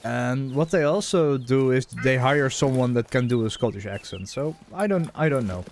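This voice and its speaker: A man's voice: mid-range voice, moderate pace, darkish tone, a little hiss or hum. Rambling man streaming a game. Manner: rambling and conversational, musing aloud while playing. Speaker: gaming streamer. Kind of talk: casual gameplay commentary chatting with viewers.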